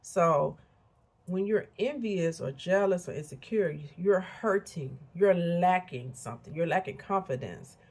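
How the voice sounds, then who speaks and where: This Illinois woman in her fifties speaks a little slowly in a lowish, slightly mellow and animated voice. Her vlog is a casual motivational monologue, blunt and candid, with chatty asides to viewers.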